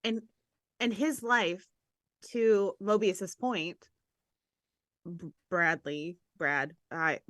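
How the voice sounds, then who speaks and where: Woman on a show review podcast, excitable, swears a lot, dry close sound. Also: lowish voice, drawn-out words, pauses often, no room sound. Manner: excitable, swears casually, restarts often. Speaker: podcast co-host. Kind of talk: casual chat reviewing a TV episode.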